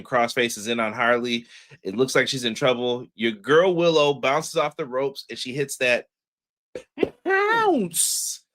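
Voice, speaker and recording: A man's voice: medium pitch, sharp tone. A man co-hosting a wrestling review podcast, talking loosely in slang with lots of fillers and laughs. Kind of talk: casual show review chat.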